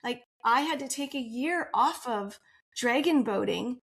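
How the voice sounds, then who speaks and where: A woman's voice: a little high, animated, measured pace, vocal fry, fairly bright tone. A woman guest on a podcast interview, telling her personal story in an open, earnest way and laughing often.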